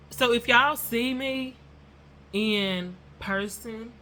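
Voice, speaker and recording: A woman's voice: fairly low pitch, unhurried, bright, forceful tone, slight background noise. A woman telling a rambling story to her viewers in a casual vlog, chatty and addressing them as y'all. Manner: self-described nervous and non-confrontational. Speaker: YouTuber.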